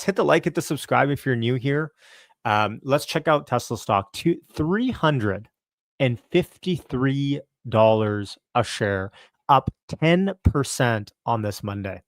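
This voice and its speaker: A man from Canada hosting a casual stock market livestream at home, upbeat and chatty, greeting viewers by name and keeping his voice a little low. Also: dry recording, clean studio sound. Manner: talking a bit lower and quieter to not wake the house. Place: home, early morning.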